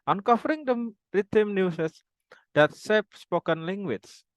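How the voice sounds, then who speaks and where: A young man reading a prepared phonology presentation aloud, formal wording with halting restarts. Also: sits high, expressive, no room sound, poor audio. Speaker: student presenter.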